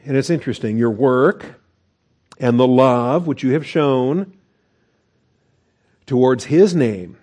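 A man's voice: medium pitch, dark tone. A man preaching a conversational sermon as pastor, with asides and chuckles.

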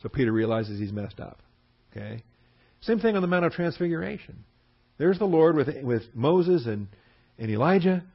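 Animated man teaching from the Bible. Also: on the high side, moderate pace, gravelly, long pauses. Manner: lively, acts out quotes with a raised voice. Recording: dull lo-fi recording.

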